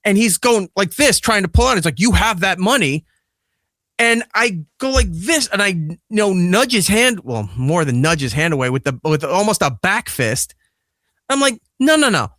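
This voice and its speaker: A man's voice: high voice, moderate pace, no echo, studio quality. A man who hosts a podcast, telling a casual story with lots of swearing and acting out the quoted lines. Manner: profane, animated retelling that acts out quoted lines. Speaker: podcast host and father.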